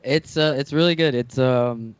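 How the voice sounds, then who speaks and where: A man in casual podcast chat, talking hesitantly with halting restarts. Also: mid-range voice, clean tone, no room sound, dull audio. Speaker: podcast co-host.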